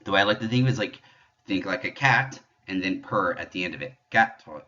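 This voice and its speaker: Low bright-voiced man teaching pronunciation. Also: lo-fi sound. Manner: patient, explanatory, demonstrates sounds slowly. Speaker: French teacher. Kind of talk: pronunciation lesson.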